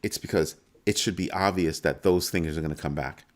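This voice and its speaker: A man hosting a casual live-stream crypto show, talking through numbers with animated swings between calm and mock panic. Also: low voice, fairly quick.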